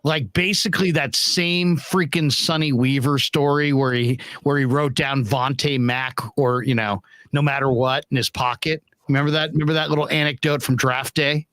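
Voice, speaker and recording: Rambling animated sports-talk host, man. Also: medium pitch, moderate pace, hardly any pauses, dry recording. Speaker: radio show host.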